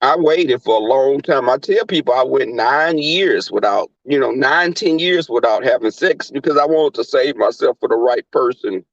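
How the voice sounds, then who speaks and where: A man's voice: mid-range voice, lively intonation, normal speed, hardly any pauses, no room sound, dull audio. A man with a Southern US accent hosting a livestream, chatting with viewers in a brash, profane, camp manner. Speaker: livestream host. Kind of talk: casual chat with live viewers.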